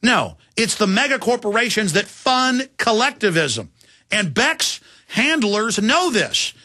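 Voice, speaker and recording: A man's voice: high voice, big pitch swings, takes it slowly, pushed and bright, no room sound, studio quality. Intense ranting talk radio man. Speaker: radio talk show host. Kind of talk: political talk radio monologue.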